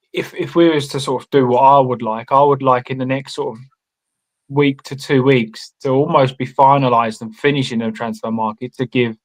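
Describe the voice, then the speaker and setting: A man on a football fan podcast who thinks aloud hesitantly, restarting his sentences. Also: medium pitch. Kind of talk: casual fan chat.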